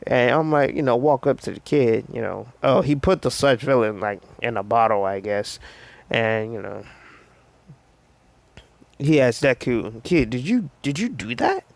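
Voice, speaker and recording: Brief: casual male storyteller, rambling and slangy, gravelly voice, dry close sound. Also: medium pitch, unhurried, no echo. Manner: rambling, lots of fillers and slang, laughs often. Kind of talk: casual fan story retelling.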